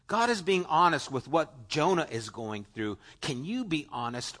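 A male pastor with a mid-range voice delivers an earnest, conversational sermon, addressing the congregation directly and swinging between emphatic lines and hushed asides.

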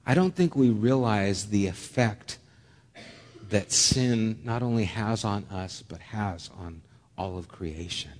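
A man preaching a sermon, telling a lively personal story with humor, then dropping soft and low for solemn points. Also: slow pace, in a large hall. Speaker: pastor.

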